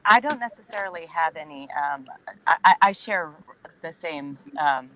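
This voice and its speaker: A woman's voice: low voice, animated, moderate pace, fairly bright tone, poor audio. A woman actor on a panel, talking emphatically with laughs and restarts over a video call from a moving RV. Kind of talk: casual panel chat. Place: inside a moving RV.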